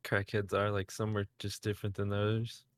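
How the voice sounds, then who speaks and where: A man's voice: on the low side, completely flat delivery, brisk. A man in casual chat, making dry, musing remarks.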